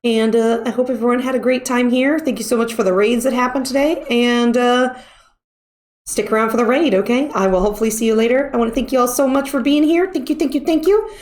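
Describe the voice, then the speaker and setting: A woman's voice: on the high side, quick pace. Chatty woman streamer, rambling talk. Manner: rambling, chatty, frequent fillers. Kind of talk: casual stream wrap-up chat.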